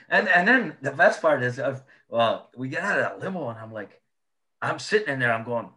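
Animated storytelling man, bright voice. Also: mid-range voice, a little fast. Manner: animated, swearing, laughing through anecdotes. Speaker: former hockey player guest. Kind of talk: casual storytelling chat.

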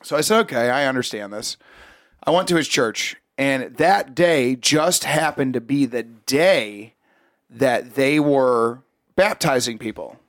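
A man telling a story in casual, profane chat, animated and swearing often. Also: mid-range voice, unhurried, no room sound, studio quality.

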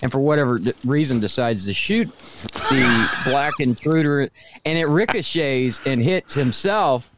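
A man co-hosting a casual podcast, rambling through an amused story. His pitch sits in the middle of the male range. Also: unhurried, fairly bright tone, slight background noise. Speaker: podcast co-host. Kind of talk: casual chat.

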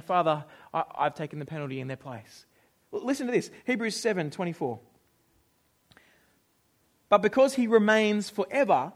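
A man, preaching a casual sermon and acting out voices in his stories. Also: high-pitched. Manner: animated storytelling, acts out quotes. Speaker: pastor.

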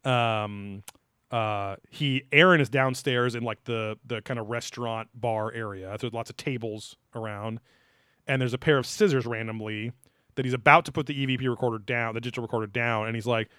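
A man's voice: mid-range voice, steady tone, moderate pace, sharp tone, clear, resonant tone, dry recording, studio quality. A young man co-hosting a podcast, recapping a TV episode in loose, joking chat with lots of fillers and laughter. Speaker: podcast co-host.

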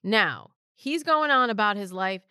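A woman's voice: mid-range voice, lively intonation, measured pace, pushed and bright, smooth, no echo, studio quality. Woman host talking through dating advice, chatty and blunt, really bouncy voice. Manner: frank, conversational, gives pointers directly. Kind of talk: advice podcast, reading and answering a listener letter.

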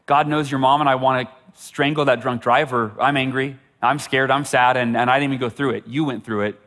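A middle-aged motivational speaker shares a personal story, earnest and often repeating words for emphasis. His medium-pitched, slightly bright voice moves fairly quickly with fairly even intonation and few pauses.

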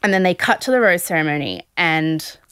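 A woman's voice: on the low side, animated, a little fast, fairly bright tone, clean tone, dry recording, studio quality. Gossipy young woman podcaster. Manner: chatty, gossipy, laughs often, acts out quotes. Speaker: podcast host recapping a reality show. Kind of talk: casual chat.

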